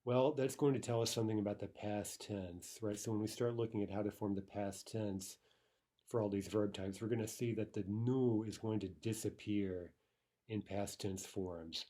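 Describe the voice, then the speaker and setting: Guy teaching grammar, lowish warm voice, keeps saying right and okay, slows way down for example words. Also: fairly even intonation. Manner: explanatory, frequent "right?" and "okay"; slows to spell out Russian word forms. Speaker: language teacher. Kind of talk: recorded grammar lesson.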